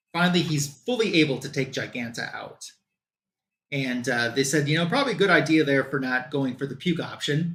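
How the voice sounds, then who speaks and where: A man's voice: mid-range voice, fairly bright tone. A man on a comic book show, casually recapping a plot in loose quoted dialogue with lots of fillers.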